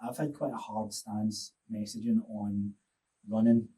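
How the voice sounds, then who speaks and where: Mellow man, rambling. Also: fairly low pitch, flat delivery, unhurried, recorded from a distance, low-quality recording. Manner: reflective, rambling storytelling. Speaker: podcast guest, fitness coach. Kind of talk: casual podcast chat.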